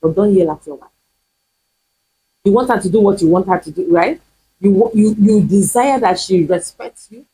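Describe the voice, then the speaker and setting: A woman's voice: medium pitch, moderate pace, pauses often, mellow, husky, rough recording. A woman pastor, preaching emphatically in a teaching video, repeating her points and firing rhetorical questions. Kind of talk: sermon-style teaching video.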